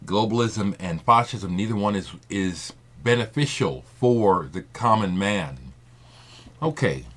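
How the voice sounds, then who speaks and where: A man's voice: lowish voice, expressive, a little slow, a bit bright. A man speaking in an impassioned, rambling monologue to his video audience. He repeats his points and swears for emphasis. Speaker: vinyl community video maker.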